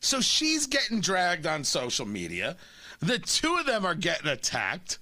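Blunt, fast-restarting male radio host with a bright, high-pitched voice. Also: huge pitch swings, no room sound. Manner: blunt, combative, stammers into restarts. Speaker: radio talk show host. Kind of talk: opinionated talk radio.

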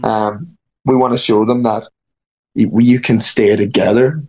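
A middle-aged man who is a guest on the show speaks at a mid pitch in an earnest, heartfelt way. He is open and sincere, and his voice stays even and conversational. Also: unhurried, poor audio. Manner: earnest, heartfelt, choking up with emotion. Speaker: band singer guest. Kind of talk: interview conversation.

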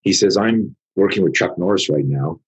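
A man with a very low, husky voice tells a story in casual conversation, animated and profane. He acts out the lines of the people in it and swears freely. He sounds like an older martial arts teacher. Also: normal speed, muffled recording.

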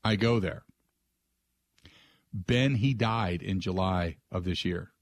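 Middle-aged male radio host, lowish voice, loose rambling delivery, dry close studio mic. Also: slow, dry recording. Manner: rambling, restarts, animated when quoting others. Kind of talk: casual storytelling on talk radio.

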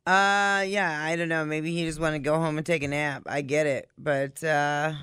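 A man co-hosting a podcast in a wry, blunt, joking chat. His voice is bright and smooth, sitting a little high, recorded close and dry. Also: fairly even intonation, moderate pace, dry recording. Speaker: podcast co-host. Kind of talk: casual chat.

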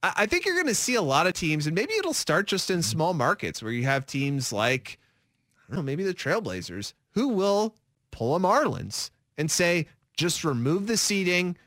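A man's voice: sits high, moderate pace, no echo, studio quality. A man co-hosting a sports radio show, talking in casual, rambling sentences full of fillers. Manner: animated, rambling with many fillers.

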